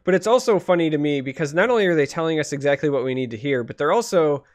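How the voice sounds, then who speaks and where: A man co-hosting a casual podcast chat, rambling and animated, with lots of restarts. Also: a little high, quick pace. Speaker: podcast co-host.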